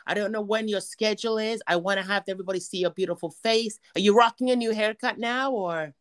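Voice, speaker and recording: A woman's voice: mid-range voice, fast talker. A woman hosting a podcast, speaking effusively and affectionately to her guest in casual chat. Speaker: podcast host.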